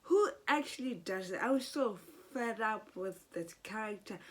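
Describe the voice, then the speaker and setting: A woman giving a casual, animated and exasperated recap of a soap opera episode. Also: medium pitch, normal speed, hardly any pauses.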